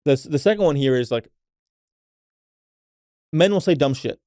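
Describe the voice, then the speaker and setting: A man's voice: on the high side, animated, moderate pace, warm tone, dry recording, studio quality. A man hosting a casual solo podcast, speaking unfiltered and swearing freely, coaching women listeners and often tagging his points with "right?". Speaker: podcast host.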